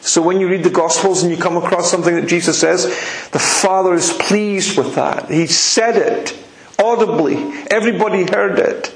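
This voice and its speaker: A man's voice: sits high, normal speed. A man preaching a sermon, emphatic and repetitive, with rising questions. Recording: echoey room.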